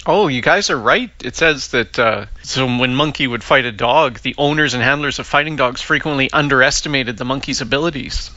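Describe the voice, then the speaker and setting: A man hosting a casual podcast chat, reading aloud with lively amusement. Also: mid-range voice, fairly quick, hardly any pauses, dry recording, dull audio. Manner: animated, laughs while reading. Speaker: podcast host.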